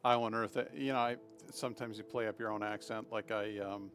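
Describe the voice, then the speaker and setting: A man from Massachusetts giving rambling, chatty live commentary while playing a game, breaking into loud laughter. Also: on the low side, fairly even intonation, fairly quick. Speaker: streamer. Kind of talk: live let's play commentary.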